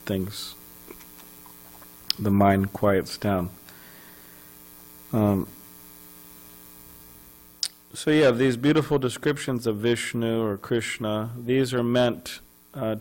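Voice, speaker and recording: A man's voice: lowish voice, fairly even intonation, slow, long pauses, darkish tone, poor audio. A man giving a scripture class at a temple, telling a story conversationally with many fillers and restarts. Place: temple hall.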